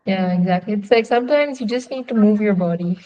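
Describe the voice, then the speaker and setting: A young adult woman hosting a casual interview, encouraging her guest with relaxed, filler-heavy speech. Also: medium pitch, fairly quick, poor audio. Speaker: host.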